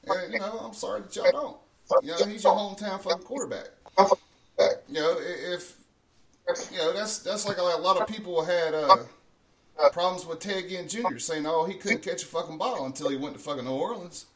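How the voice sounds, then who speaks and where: A man's voice: sits high, fairly quick, far from the mic, a crowd in the background. A man hosting a morning show in casual, profane chat, laughing often at his own jokes. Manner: swears freely, laughs often at himself.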